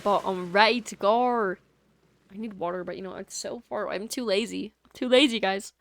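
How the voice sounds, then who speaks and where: A woman's voice: mid-range voice, a little fast, gravelly. A woman streaming a video game, chatting casually in a giggly, rambling, playful way into a USB microphone at home. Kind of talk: casual gameplay chat.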